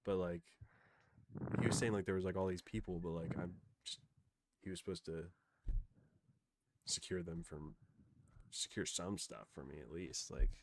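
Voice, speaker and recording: A man's voice: low-pitched, normal speed, pauses often, a little hiss or hum. A young man hosting a live stream, rambling and frustrated as he rants, with many fillers. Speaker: streamer host. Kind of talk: live stream commentary, ranting.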